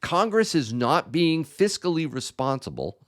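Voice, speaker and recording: An older man hosting a chat about gold, talking in a lively, animated way. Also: fairly high pitch, a little slow. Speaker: channel host. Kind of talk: casual chat and commentary.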